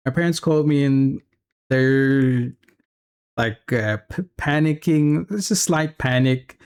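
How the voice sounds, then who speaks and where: A man's voice: medium pitch, slow pace, a little mellow, clear, resonant tone. A man chatting casually on a live stream while working, rambling through stories and laughing often. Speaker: streamer and 3D artist.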